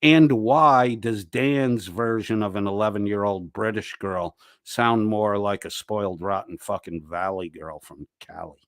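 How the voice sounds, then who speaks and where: A man's voice: lowish voice, fairly even intonation, a little slow, fairly bright tone, no echo, studio quality. A man hosting a livestream, taunting and mocking his rivals in crude, profane commentary. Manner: taunting, crude, laughing between jabs. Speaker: livestream host.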